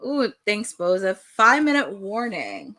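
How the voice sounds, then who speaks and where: Hosting a live wrestling watch-along, this young woman talks in an unhurried, medium-pitched voice. Her commentary is excitable, erupting into shouts whenever something big happens.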